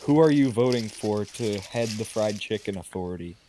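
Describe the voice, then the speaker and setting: A man's voice: fairly low pitch, lively intonation, normal speed, dark tone, a little hiss or hum. A man co-hosting a podcast, chatting casually over a call, rambling and swearing freely. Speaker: podcast co-host. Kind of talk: casual chat. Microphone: video call.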